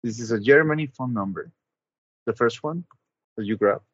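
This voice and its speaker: A man narrating as game master of a tabletop game over an online call, measured and hesitant, with frequent ums. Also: medium pitch, no room sound, lo-fi sound.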